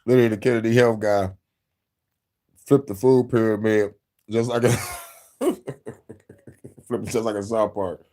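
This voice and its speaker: A man's voice: fairly low pitch, steady tone, measured pace, pauses often, a little mellow. Profane laughing man ranting casually. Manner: profane, laughing, acts out quotes. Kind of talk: casual rant.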